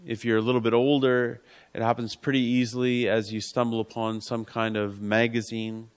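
A man delivers a sermon in an earnest, pastoral way, repeating his key lines for weight. His voice sits at an ordinary middle pitch and often sinks to a soft, intimate hush. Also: flat delivery, normal speed, smooth. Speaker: preacher.

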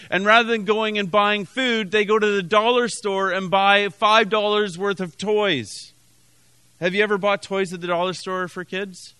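A man's voice: sits high, pushed and bright, smooth, no echo. A man from Canada preaching a sermon as pastor, telling a story with many restarts and emphatic repetition.

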